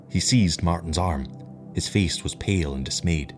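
A man narrating a science-fiction short story in a measured, even reading. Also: low-pitched. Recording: narration over background music. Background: clear background music.

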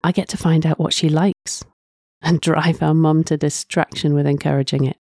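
A woman reads a first-person story aloud in a soft, reflective way, often sighing between lines. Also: low-pitched, steady tone, normal speed, no room sound, clean studio sound. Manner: soft, reflective, with frequent sighs. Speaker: narrator.

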